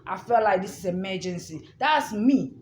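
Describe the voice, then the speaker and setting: A woman with a medium-pitched, expressive voice tells a story from her own life at a moderate pace, casual, repetitive and emphatic, often stopping to ask "understand?" The room is echoey with faint music, and there's a little hiss or hum.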